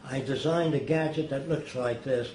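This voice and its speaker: Old man spinning emphatic stories, middle pitch, echoey room with faint hiss. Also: moderate pace, a little mellow. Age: older. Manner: emphatic, acts out quotes. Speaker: interviewee. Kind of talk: anecdotal storytelling. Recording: roomy echo, faint noise.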